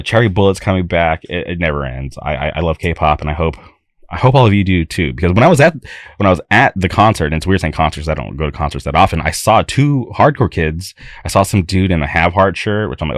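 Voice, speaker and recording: A man's voice: deep voice, no echo, clean studio sound. A young man hosting a podcast, talking in an enthusiastic, rambling way with frequent restarts. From California. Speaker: podcast host. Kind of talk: casual podcast talk.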